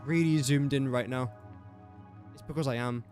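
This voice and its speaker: A man's voice: medium pitch, fairly even intonation, moderate pace, a little mellow, faint music behind. A young English man casually thinking aloud while streaming a building game and chatting to viewers. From England. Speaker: gaming streamer. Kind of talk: casual live-stream commentary.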